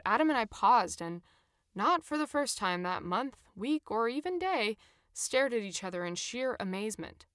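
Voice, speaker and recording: A woman reading her own first-person travel memoir with expressive, animated storytelling. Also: medium pitch, no echo, clean studio sound. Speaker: narrator.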